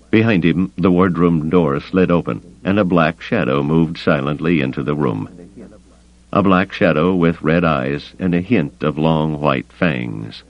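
A man reading a story aloud in an expressive manner, slipping into character voices. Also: extremely low pitch, moderate pace. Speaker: audiobook narrator. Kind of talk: scripted narration. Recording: dull lo-fi recording.

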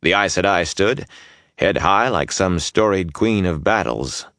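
A man reading fantasy fiction aloud in a measured, even audiobook narration on a close studio mic. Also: deep voice, dry recording.

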